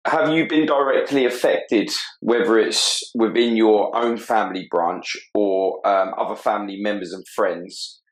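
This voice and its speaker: A man hosting a podcast, asking measured, probing questions with a few fillers. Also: on the low side, echoey room, rough recording. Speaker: podcast host. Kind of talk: interview questions.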